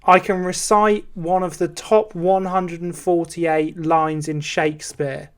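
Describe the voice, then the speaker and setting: A man's voice: on the high side, level tone, takes it slowly. A man co-hosting a comedy podcast, chatty as he explains the rules of an impressions game. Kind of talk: casual comedic chat.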